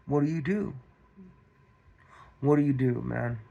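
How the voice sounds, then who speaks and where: Male commentary host, unhurried delivery, mid pitch, repetitive rhetorical style. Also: gravelly, dark tone, highs cut off, slight background noise. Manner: repetitive, restarts, rhetorical questions to viewers. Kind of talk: casual commentary monologue.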